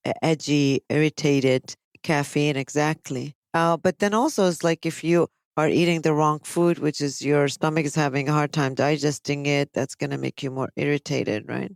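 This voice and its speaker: A woman's voice: low-pitched, moderate pace, gravelly, hardly any pauses, dry recording. Woman psychologist, podcast host, explanatory, dry close sound. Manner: explanatory, animated when quoting people. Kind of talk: casual podcast discussion.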